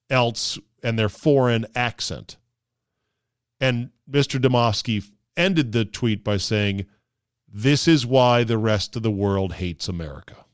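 A man's voice: mid-range voice, clear, resonant tone, no echo, clean studio sound. A man hosting a podcast, delivering a sarcastic casual monologue and slipping into mocking voices. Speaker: podcast host.

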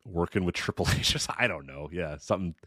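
A man's voice: low-pitched, a little fast, pushed and bright, no echo. A man co-hosting a wrestling podcast, sardonic and rambling with frequent laughs on a close mic. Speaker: podcast co-host. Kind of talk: casual chat.

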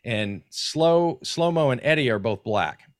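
A man guesting on a podcast, telling stories in a casual, animated, profane way with frequent restarts. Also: mid-range voice, measured pace, dry recording. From North Carolina. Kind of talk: casual storytelling.

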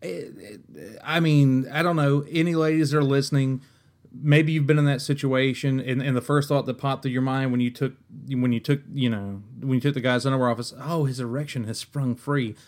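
Male podcast host, mid-pitched, in an exasperated comic rant that is profane and full of restarts. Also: fairly even intonation, fairly quick, a little mellow. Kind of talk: comedic rant.

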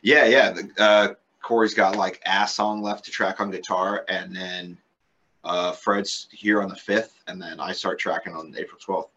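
Bright husky-voiced laid-back man. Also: deep voice, steady tone, unhurried, dull audio. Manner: laid-back, swears freely, storytelling. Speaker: band vocalist, podcast guest. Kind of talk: casual podcast interview.

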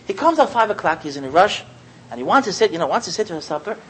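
A man giving a Torah talk as a sermon, an animated storyteller who repeats phrases and chuckles often. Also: high voice, fast talker, slight background noise, rough recording. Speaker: Torah teacher.

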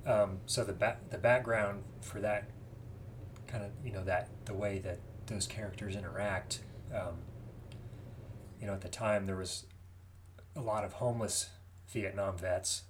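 A man in a casual movie chat, calmly explaining the background context of the film. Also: on the low side, measured pace, a little hiss or hum.

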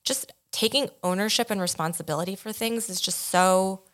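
A woman's voice: medium pitch, moderate pace. A woman co-hosting a podcast in casual chat, speaking directly and matter-of-factly. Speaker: podcast co-host.

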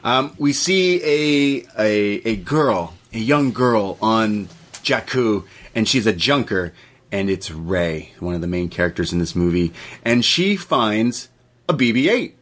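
A man co-hosting a movie podcast, casually recapping the plot in a rambling way with quick voiced asides. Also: fairly low pitch, animated, fairly bright tone. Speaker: podcast co-host. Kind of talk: casual movie review chat.

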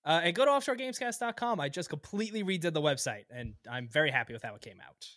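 A man guesting on a podcast, upbeat and quick to laugh, plugging his show. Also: fairly high pitch, lively intonation, fairly bright tone, no echo, studio quality. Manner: upbeat, laughing often, promotional. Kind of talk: casual chat.

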